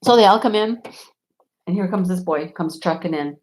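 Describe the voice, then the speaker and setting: A woman vlogger telling stories in a casual chat, animated and often laughing. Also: fairly low pitch, normal speed.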